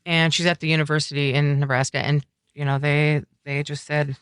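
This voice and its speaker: A middle-aged woman telling her personal story in an interview, speaking in a measured, reflective and earnest way. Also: sits low, flat delivery, clear, resonant tone, no room sound, clean studio sound. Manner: measured, reflective and earnest, often quoting others. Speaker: interview guest, mother sharing her story. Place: coffeehouse.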